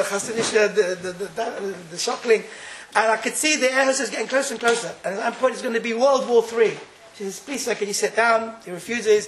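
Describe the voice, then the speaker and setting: A man with a very high voice teaches an informal Torah class at a fast clip, telling stories in an animated way and laughing as he goes. He is recorded in an echoey room with a faint hum of ambience behind him. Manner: storytelling, animated, laughs often.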